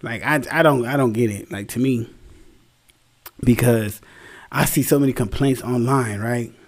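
A man's voice: mid-range voice, normal speed. A young man, tired, talking bluntly and casually in a rambling, slangy opinion monologue, swearing freely. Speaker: solo commentary host.

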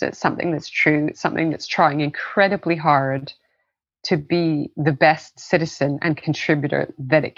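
Woman business founder, low voice, heartfelt interview talk; dry, slightly dull recording. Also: no echo. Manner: earnest, emotional, repeats words when starting. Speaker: company co-founder. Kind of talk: interview conversation.

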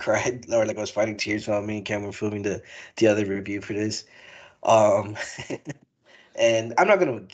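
A young man hosting a casual movie review podcast, talking in a rambling, profane, emotional way. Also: fairly low pitch. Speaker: podcast host.

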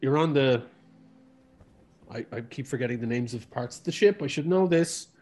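Brief: male game master, mid-pitched, casual and rambling, full of fillers. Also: normal speed, a little mellow. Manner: loose and rambling, many fillers. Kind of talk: narrating a tabletop game.

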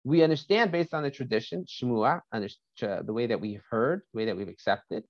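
A man's voice: medium pitch, brisk, dry recording, lo-fi sound. A man teaching a Torah lesson through a story, often stopping to check in with "right?" and "okay?" and restarting phrases as he thinks aloud.

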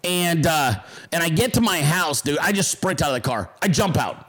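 A man's voice: a little high, lively intonation, moderate pace, a bit bright. A man hosting his own show, telling a rambling, profanity-laced story with quoted voices in a casual monologue. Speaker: podcast host.

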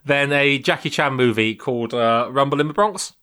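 A man's voice: medium pitch, moderate pace, sharp tone, clear, resonant tone. A man co-hosting a casual podcast chat, rambling with frequent ums and restarts. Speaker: podcast co-host.

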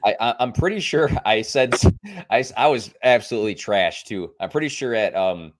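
A young man in a relaxed podcast chat. He spins animated party stories at a middle pitch and acts out what people said. His delivery is loose and full of fillers. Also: a little fast. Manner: animated storyteller, acts out quoted lines. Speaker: podcast co-host. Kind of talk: casual storytelling chat.

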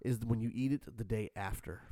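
A man's voice: fairly low pitch, fairly quick, no room sound, studio quality. A man hosting a casual talk show, leading the playful banter. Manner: playful, lively host. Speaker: podcast host.

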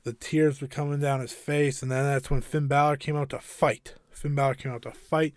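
A man's voice: medium pitch, flat delivery, normal speed, no room sound. A man hosting a wrestling review podcast, talking in an enthusiastic, rambling way. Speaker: podcast host.

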